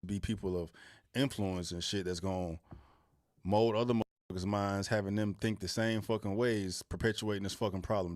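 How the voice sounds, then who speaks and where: A man's voice: fairly low pitch, fairly even intonation, moderate pace, a little mellow, dry recording, clean studio sound. A man giving blunt, slangy, profane commentary in casual talk.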